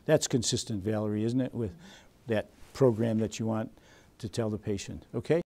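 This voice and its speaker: A man's voice: fairly low pitch, moderate pace, darkish tone. A man presenting a seminar, quizzing his audience and acting out scenes with them. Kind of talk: interactive seminar teaching.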